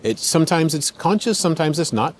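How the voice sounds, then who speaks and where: Speaking briskly with lively intonation, an American man on his podcast explains things conversationally, working through a list and voicing the speech he quotes. His voice is on the high side, and there's a little hiss or hum.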